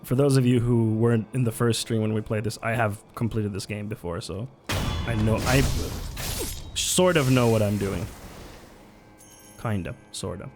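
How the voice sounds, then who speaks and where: A man's voice: fairly low pitch, moderate pace, pauses often, music in the background. A man chatting casually as he streams a video game and reads chat. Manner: chatty, swears often, reacts to chat. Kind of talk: casual gameplay commentary.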